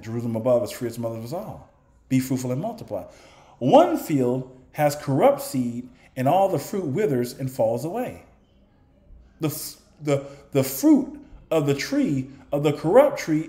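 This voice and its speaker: A man's voice: a little high, warm tone, roomy sound. A man giving informal bible teaching, asking rhetorical questions and answering them in a conversational way. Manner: conversational, with chuckles and restarts. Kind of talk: informal preaching to camera.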